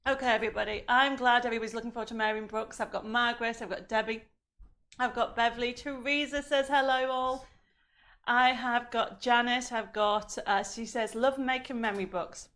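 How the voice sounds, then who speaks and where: A woman's voice: fairly high pitch, steady tone, brisk, a bit bright. Woman hosting a craft chat from her studio, friendly rambling, reading viewer names, voice a bit strained. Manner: chatty, reads out viewer names and greetings. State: coughing, voice going. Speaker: craft show host. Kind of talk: live-stream chat reading viewer comments.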